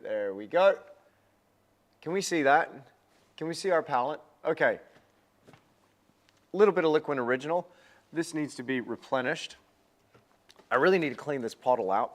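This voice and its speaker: A man hosting a casual painting livestream, chatty and upbeat, often repeating words, with a self-deprecating manner. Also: mid-range voice.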